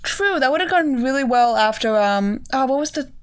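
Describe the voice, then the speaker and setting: A young woman co-hosting a casual home podcast. She rambles, leans on filler words and jokes about herself, and her voice sits a little high. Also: animated, moderate pace, smooth. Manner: rambling, lots of fillers, self-mocking. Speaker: podcast co-host. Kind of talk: casual chat.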